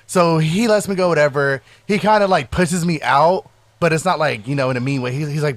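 High-voiced man telling a rowdy story. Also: brisk, dry recording. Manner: animated, profane, acts out quotes loudly. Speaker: podcast co-host. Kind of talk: casual storytelling chat.

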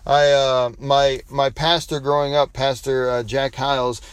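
A man's voice: mid-range voice, little pitch movement, measured pace, clear, resonant tone, no room sound. A man preaching a devotional sermon, telling a folksy story with frequent restarts and closing in prayer. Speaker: pastor.

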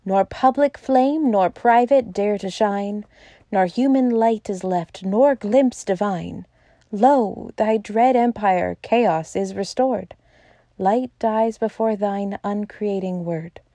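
A woman reading an audiobook aloud, voicing a dreamy, mournful old male professor reciting verse slowly. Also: medium pitch, mellow, no echo, clean studio sound.

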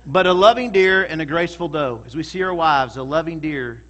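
A man's voice: on the high side, expressive, a little fast, a bit bright, lo-fi sound. A male pastor preaching a sermon in a church, emphatic and calling out to the congregation for responses.

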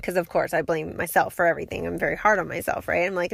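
A woman's voice: fairly low pitch, fairly even intonation, fast talker, gravelly, fairly bright tone, slightly rough, dry recording, clean studio sound. A middle-aged woman hosting a podcast, sharing a heartfelt faith testimony in her car with earnest storytelling and light laughs. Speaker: podcast host. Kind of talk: personal faith testimony monologue.

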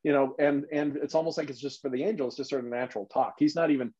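Man, Bible study leader, emphatic, animated, slightly muffled recording. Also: medium pitch, fast talker, husky. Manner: emphatic, animated, thinks aloud. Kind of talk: casual Bible study teaching.

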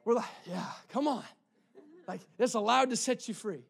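A man preaching a sermon in church, impassioned and repetitive, dropping soft for emphasis. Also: very high-pitched, moderate pace, creaky, slightly rough. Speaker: pastor.

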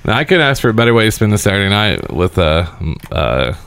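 A man's voice: lowish voice, big pitch swings, quick pace, gravelly, a bit bright, clean tone, no echo. A man co-hosting a podcast in casual chat, teasing the others and telling crude jokes. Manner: joking, teasing, crude humor. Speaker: podcast co-host.

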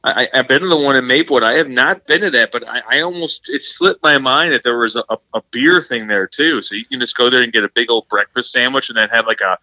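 A man's voice: medium pitch, fast talker, hardly any pauses, sharp tone, no room sound, muffled recording. A man guesting on a casual podcast, rambling and stumbling over repeated words as he jokes.

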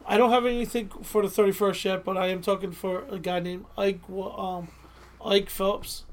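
A woman with a Delco accent from Delaware County, Pennsylvania, chatting as a podcast co-host. Her voice sits at an ordinary middle pitch. She rambles, stops herself mid-sentence and is quick to apologize. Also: level tone. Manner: rambling, self-interrupting, apologetic. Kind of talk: casual podcast chat.

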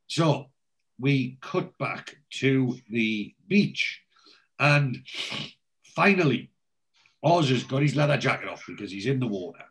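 List: man, podcast host, chatty, storytelling, casual, average pitch. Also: animated, slow, pauses often. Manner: chatty, storytelling, acts out scenes. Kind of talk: casual episode recap.

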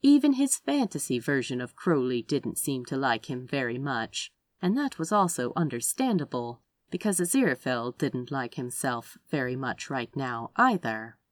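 A woman narrating a story aloud with an expressive reading. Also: very deep voice, normal speed, hardly any pauses, no room sound. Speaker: audiobook reader.

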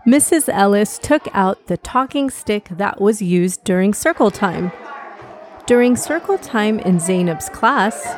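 A woman hosting a children's podcast, gently narrating a story for kids. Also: mid-range voice, a little hiss or hum.

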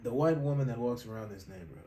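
A man's voice: mid-range voice, quick pace, dark tone. Joking man podcast co-host. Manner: joking, playful storytelling with laughs. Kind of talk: casual chat.

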